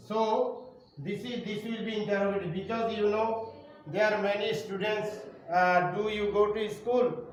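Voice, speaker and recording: A man with a Bangladeshi accent teaching an online English grammar lesson to primary students, explaining slowly and repeating himself. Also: high voice, dull audio. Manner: slow, repetitive explaining to students. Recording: roomy, distant, faint noise.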